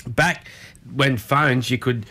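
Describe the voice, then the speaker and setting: An Australian man in his thirties, co-hosting a casual radio chat. He spins long, rambling stories, restarting his sentences as he goes. His voice sits at an ordinary middle pitch. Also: slow, sharp tone. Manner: rambling anecdotes with many restarts. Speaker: radio co-host.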